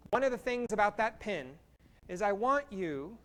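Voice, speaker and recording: A workshop facilitator from Kansas runs a live group icebreaker with energy and playfulness. Her medium-pitched voice moves slowly so the whole room can follow.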